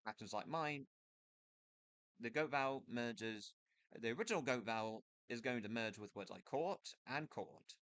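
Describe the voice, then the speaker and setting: A man giving a casual spoken explainer over a screen recording, thinking aloud in a loose, hesitant way with pauses and restarts. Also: mid-range voice, fairly bright tone, no room sound. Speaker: video creator explaining accents. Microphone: computer mic with screen capture.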